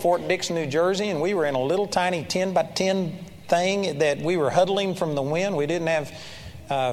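An older man preaching a sermon, telling stories with animated energy and shouting praise in his retellings. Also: a little high. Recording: long reverb of a large hall.

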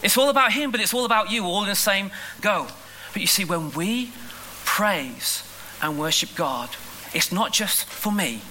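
Bright, animated male preacher. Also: sits high, a little hiss or hum, poor audio. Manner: animated, emphatic, shifts between quick asides and slow stressed lines. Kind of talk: sermon. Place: school hall.

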